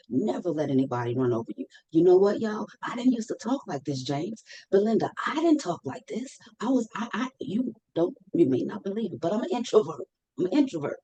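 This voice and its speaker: Emphatic woman with a mellow voice. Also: low voice, rough recording. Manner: emphatic, repeats phrases for stress; acts out her own past words in dialogue. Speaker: guest sharing her mental health story. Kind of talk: personal testimony in conversation.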